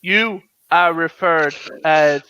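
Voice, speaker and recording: High, bright-voiced man insisting stubbornly. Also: slow, clear, resonant tone, highs cut off. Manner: insistent, repeats himself stubbornly. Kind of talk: casual group chat.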